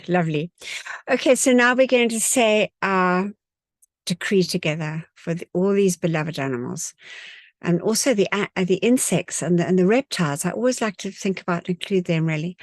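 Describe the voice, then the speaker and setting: A woman hosting a spiritual talk, speaking gently with frequent pauses and fillers as she leads a group prayer decree. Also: on the low side, dry recording, clean studio sound.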